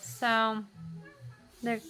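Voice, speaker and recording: A woman's voice: fairly high pitch, monotone, extremely slow, pushed and bright, faint music behind. A young woman vlogger telling a story in a casual, rambling way, full of "like" fillers, still shaken and jittery.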